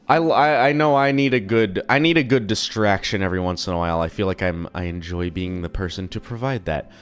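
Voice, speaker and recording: A young man streaming from home, chatting casually in a rambling, profane, self-deprecating way, his voice a little low from being slightly sick. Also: brisk, smooth. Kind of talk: casual live-stream chat.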